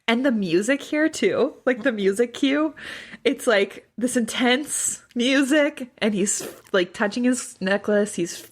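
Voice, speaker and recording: A woman co-hosting a podcast, emphatic and quick to agree as she recaps a TV episode and acts out quotes. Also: on the high side. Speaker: podcast co-host. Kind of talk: casual chat recapping a TV episode.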